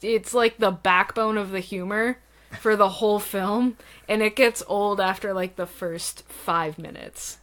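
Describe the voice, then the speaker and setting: A woman co-hosting a podcast, chatting casually about films, animated and laughing, with many fillers. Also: mid-range voice, unhurried. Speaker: podcast co-host. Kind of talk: casual film discussion.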